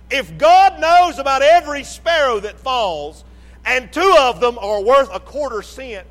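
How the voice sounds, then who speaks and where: Slow, high-voiced preacher in a reverberant hall. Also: male voice. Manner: slow, emphatic preaching that rises to shouts and drops low. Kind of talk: sermon.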